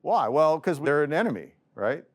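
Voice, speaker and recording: A man giving an economics lecture in a relaxed, conversational way, voicing quoted people with a lifted pitch. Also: normal speed. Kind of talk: casual video lecture.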